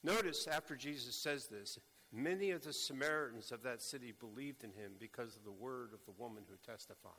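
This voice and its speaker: A man preaching a sermon, speaking slowly and deliberately with bursts of urgent emphasis. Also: medium pitch, bright, forceful tone. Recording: echoey hall with long reverb.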